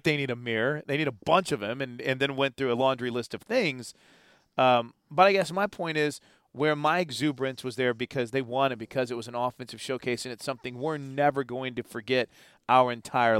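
A man's voice: mid-range voice, moderate pace, a bit bright, clean tone, no room sound, studio quality. A man co-hosting a sports talk show in casual chat, rambling and enthusiastic, acting out the people he quotes.

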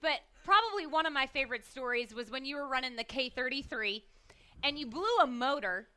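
A woman hosts a casual interview, opening her questions in a friendly, laughing way. Her voice is high and bright. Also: expressive, brisk, clean tone. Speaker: podcast host.

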